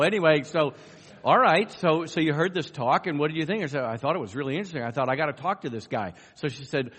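A man's voice: a little high, fairly quick, slightly rough. A man giving a conference talk, telling a story with lots of fillers and acting out the dialogue. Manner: animated storyteller, acts out dialogue, many fillers. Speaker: conference speaker. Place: conference hall. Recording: long reverb of a hall.

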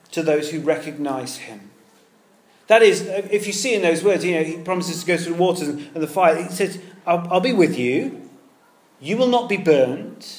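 A male preacher with a fairly high voice gives an earnest, conversational sermon. He swings from loud, emphatic phrases to hushed, tender ones. The sound carries a roomy echo, as in a church hall.

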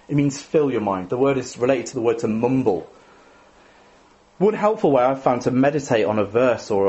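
A man's voice: mid-range voice, a little mellow. Guy preaching, casual and chatty, voice goes up and down a lot, little asides and "isn't it"s. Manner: conversational, self-deprecating, with tag questions. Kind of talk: sermon.

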